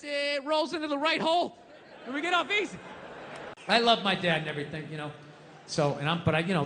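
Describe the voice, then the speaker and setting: A man doing a stand-up comedy rant, loud and profane, acting out voices as he goes. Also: very high voice, slight background noise. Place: live comedy venue. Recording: reverberant live venue with faint ambience.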